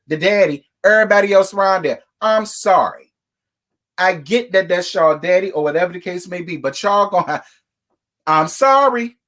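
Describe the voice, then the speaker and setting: A man's voice: sits high, a bit bright. A man hosting a casual reality TV recap, talking bluntly and profanely in a scolding tone. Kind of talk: casual commentary rant.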